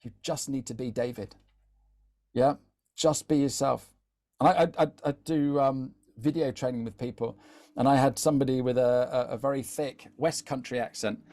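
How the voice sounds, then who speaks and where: A man's voice: medium pitch, steady tone, normal speed, dark tone. A man giving a live online talk as a social media trainer, chatty, often repeating words and checking in with "yeah?". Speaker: LinkedIn content trainer.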